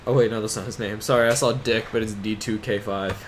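A young man hosting a casual gameplay video, excitable and swearing, with panicky outbursts. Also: on the low side, fast, slight background noise. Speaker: gaming video host.

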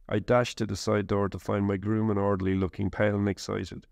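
A man narrating a first-person war memoir in a measured, steady reading. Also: fairly low pitch, vocal fry, no room sound, clean studio sound.

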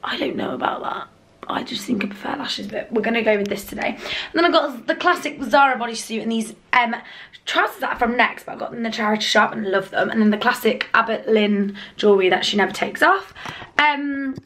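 A woman vlogger in her twenties chats casually to the camera from a car, filmed on a dashboard camera. Her voice is a little high and bright, she talks a little fast, and she rambles, swearing sometimes when annoyed.

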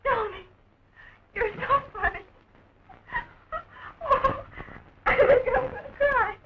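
An actress playing a soft, tearful young woman jailed for murder, from a dull old film soundtrack. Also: a little high, moderate pace, noisy background, lightly acted.

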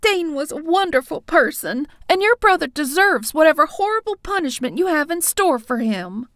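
Woman playing young vampire woman, anxious, pleading, earnest, high and lively. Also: normal speed, dry recording, studio quality.

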